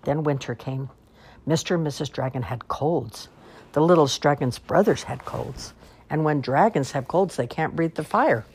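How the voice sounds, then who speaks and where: Husky-voiced woman reading bedtime stories. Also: low voice, normal speed. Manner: expressive, sing-song storytelling. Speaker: storyteller. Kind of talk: reading children's picture books aloud.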